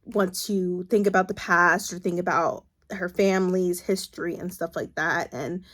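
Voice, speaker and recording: A woman's voice: on the low side, steady tone, normal speed, fairly bright tone, no echo. A woman chatting casually in a book vlog, rambling with lots of fillers and restarts, openly emotional. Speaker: book vlogger. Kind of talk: casual reading vlog chat. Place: parked car.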